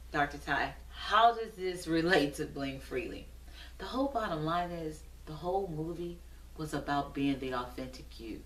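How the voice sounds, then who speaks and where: Woman, motivational host, preachy repetitive exhortation, echoey room, set back from the mic. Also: lowish voice. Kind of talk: motivational pep talk to camera. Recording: roomy echo, distant from mic.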